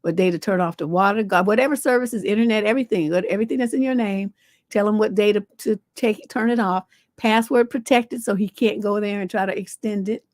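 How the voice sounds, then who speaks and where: A woman's voice: mid-range voice, a little fast, a little mellow, no echo. Blunt, profane woman advice coach. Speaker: relationship coach and host. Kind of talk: livestream advice show.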